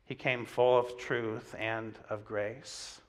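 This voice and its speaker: A man's voice: medium pitch, little pitch movement, slow. A young adult man preaching a sermon as pastor, talking in a loose, conversational storytelling way with many fillers.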